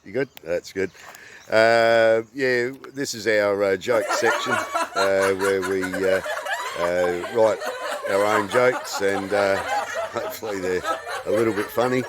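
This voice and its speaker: An Australian man in his fifties hosting his channel in casual, halting talk full of fillers, recorded outdoors. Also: on the low side, fairly even intonation, over a noisy crowd. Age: 50s. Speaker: channel host.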